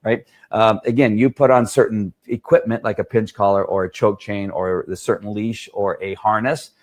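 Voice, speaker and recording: Lowish-voiced man, dog trainer, casual rambling explainer. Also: steady tone, normal speed. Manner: rambling, repeats "right?" often.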